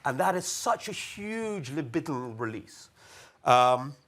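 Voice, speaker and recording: A man speaking as a panelist at a conference, lively and wry, often quoting others in mock voices. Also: on the high side, measured pace. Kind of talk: panel discussion remarks. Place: conference hall.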